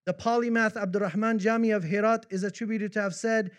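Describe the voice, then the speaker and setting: High-voiced impassioned male preacher. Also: fast talker, few pauses. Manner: impassioned, rising to fervent recitation of poetry. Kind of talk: devotional sermon.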